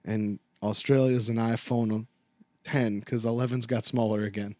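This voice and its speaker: A man's voice: medium pitch, level tone, moderate pace, warm tone, dry recording. A young man co-hosting a casual podcast, tossing in goofy wisecracks. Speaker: podcast co-host. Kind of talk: casual chat.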